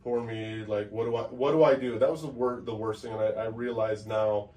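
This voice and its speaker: A young man co-hosting a casual podcast, speaking softly and haltingly, with frequent restarts as he reflects. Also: on the low side, steady tone. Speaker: podcast co-host. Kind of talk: casual personal chat. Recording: roomy echo, from far off the mic.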